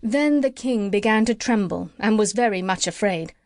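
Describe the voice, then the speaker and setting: A woman's voice: medium pitch, normal speed, darkish tone, no room sound, studio quality. Woman reading a children's storybook. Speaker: audiobook narrator. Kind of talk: storybook narration.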